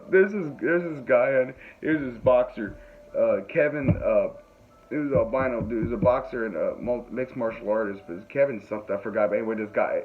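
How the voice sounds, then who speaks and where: Tinny-sounding man telling a rambling funny story. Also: mid-range voice. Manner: rambling, laughing, self-mocking. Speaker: podcast host. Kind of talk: comedic storytelling. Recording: phone-like tinny audio, faint noise.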